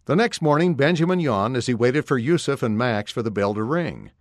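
A man reading a children's story aloud in a clear, expressive storytelling voice. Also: medium pitch, brisk, no room sound, clean studio sound. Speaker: narrator.

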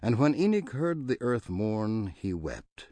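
Man, scripture reading, reverent measured delivery, low pitch, dry close recording. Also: big pitch swings, mellow, dry recording. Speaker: scripture reader.

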